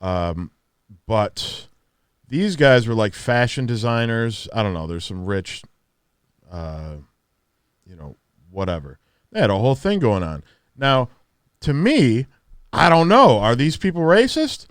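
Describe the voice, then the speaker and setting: A man hosting a casual podcast, halting and repeating himself, often laughing. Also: medium pitch, big pitch swings, smooth, no echo, studio quality. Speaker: podcast host.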